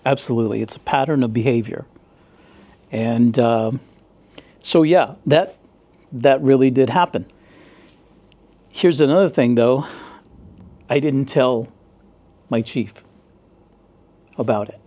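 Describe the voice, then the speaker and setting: Animated storytelling ex-cop, mellow voice. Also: male voice, mid-range voice, takes it slowly, long pauses, dull audio. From United States. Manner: animated storyteller, acts out dialogue in a raised voice. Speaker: former police officer. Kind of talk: casual storytelling interview.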